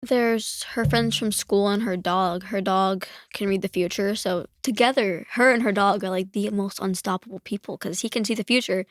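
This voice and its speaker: A woman's voice: mid-range voice, fairly even intonation, moderate pace, hardly any pauses, no room sound, clean studio sound. A woman chatting casually on a podcast, retelling a story in a rambling way with lots of fillers. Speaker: podcast guest. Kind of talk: casual chat.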